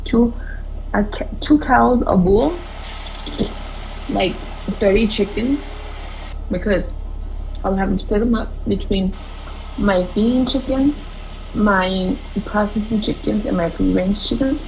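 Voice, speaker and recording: A woman's voice: mid-range voice, slow, gravelly, pauses often, darkish tone, lo-fi sound, a little hiss or hum. A woman from New Mexico chatting casually in a truck cab, rambling on about her plans. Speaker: co-driver on a trucking trip. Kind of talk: casual chat.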